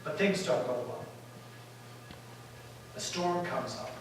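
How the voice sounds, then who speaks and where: A male pastor telling a story in a sermon, lively and animated, acting out the disciples' panic and dropping to quiet asides. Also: a little high, slow, background noise. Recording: echoey room from far off.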